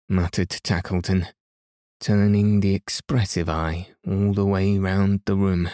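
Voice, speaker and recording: A man reading a classic story aloud in a calm, gentle way to help listeners fall asleep. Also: low-pitched, slow pace, no echo, studio quality. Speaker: podcast reader. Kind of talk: slow, soothing bedtime story reading.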